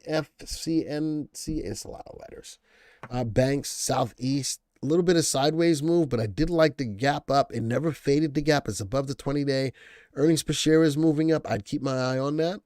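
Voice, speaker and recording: A man's voice: mid-range voice, darkish tone, clear, resonant tone, no room sound. Casual male live stock-show host, dry sound. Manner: casual, thinking aloud, reading viewer comments. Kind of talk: live stock analysis stream.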